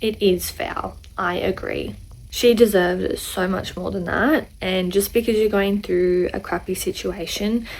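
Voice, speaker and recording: A woman's voice: medium pitch, fairly even intonation, measured pace, poor audio. A woman hosting a reaction video, giving earnest, disapproving commentary on a customer's behaviour. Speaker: host reacting to clips.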